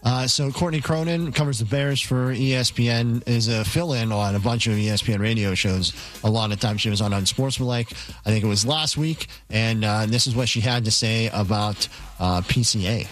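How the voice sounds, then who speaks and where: A man's voice: mid-range voice, moderate pace, a bit bright. A man setting up audio clips on a sports radio show in a plain, matter-of-fact way with many fillers.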